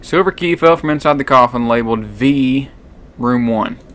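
A young man with a bright voice, playing a horror game and narrating aloud. He shouts in fright, mutters to himself, and talks close to a desk mic at home. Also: medium pitch, moderate pace, slight background noise. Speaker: gaming YouTuber.

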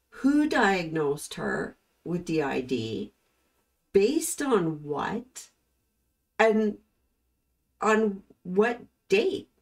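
A woman hosting her own channel, commenting in a slow, thoughtful and puzzled way on courtroom footage, with frequent pauses. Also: fairly low pitch, vocal fry. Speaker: host reacting to trial footage. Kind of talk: casual commentary.

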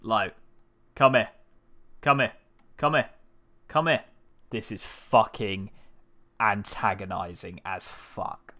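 A man in casual gameplay commentary, coaxing and cursing at game characters. His voice sits a little low but has a bright, cutting edge, and he swears freely. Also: animated, slow pace, pauses often. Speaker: gaming channel host.

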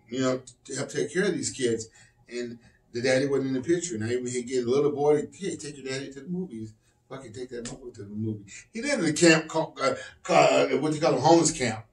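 A man doing stand-up comedy, loud and profane, often shouting. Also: on the high side. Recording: echoey room from distant mic.

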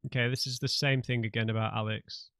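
A man's voice: mid-range voice, level tone, fast talker, a bit bright, slight background noise. Man, casual let's play commentary, wry and chatty.

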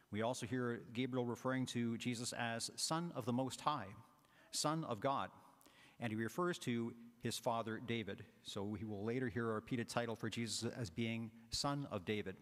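A man preaching a homily as a priest, talking in a conversational way with fillers and asides. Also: mid-range voice. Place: large church. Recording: long church reverb.

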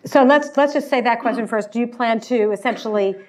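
Woman interviewer, professor, brisk and orderly, slightly high pitch. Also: a little mellow. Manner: brisk, rephrases audience questions clearly. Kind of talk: moderating an onstage conversation. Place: university lecture hall.

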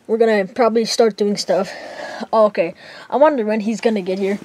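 A woman's voice: mid-range voice, steady tone, fairly quick, darkish tone, no echo. A woman narrating and voicing characters in a casual homemade toy skit, rambling with many fillers.

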